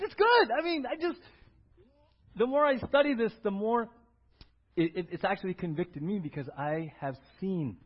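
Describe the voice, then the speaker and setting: A male pastor preaching a sermon in a church, acting out little scenes and swinging from loud to quiet. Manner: animated, acts out little scenes with big swings in pitch and loudness. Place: church sanctuary. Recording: dull lo-fi church audio.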